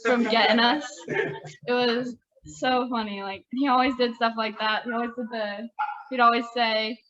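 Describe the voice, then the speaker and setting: A woman with a bright, forceful voice and a fairly high pitch tells a family story in a casual way. She stays animated and laughs along with her own memories. The sound is a little muffled. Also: measured pace. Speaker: family member sharing memories. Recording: slightly muffled audio.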